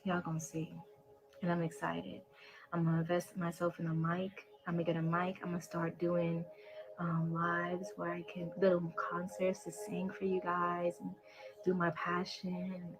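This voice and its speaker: Woman, social media rant, boastful, profane, emotional, lowish voice, faint music behind. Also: monotone, moderate pace, low-quality recording.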